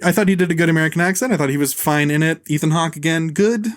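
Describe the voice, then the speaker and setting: A man hosting a casual film podcast, talking bluntly, swearing freely and tossing in quick impressions of actors. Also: on the high side, no room sound, clean studio sound. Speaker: podcast host. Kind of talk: casual film review chat.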